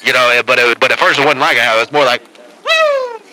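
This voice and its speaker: A man's voice: mid-range voice, steady tone, rapid-fire, background noise. A man playing a rambling, stammering caller in a comedic call-in sketch, leaning on "man" constantly.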